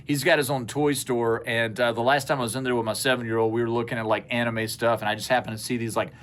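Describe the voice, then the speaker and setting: A middle-aged man telling a long personal story in casual podcast chat, earnest and rambling, lively when he quotes people. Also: medium pitch, fast, a little hiss or hum. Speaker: podcast co-host. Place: indoor studio space at a co-op.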